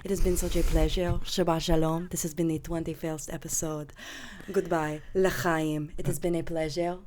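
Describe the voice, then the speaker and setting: An old Jewish grandmother bids a slow, homely farewell with blessings on a chatty podcast, as a young woman puts her on. The voice sits a little low and is lightly noisy. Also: level tone, a little mellow, lightly acted. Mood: fond farewell.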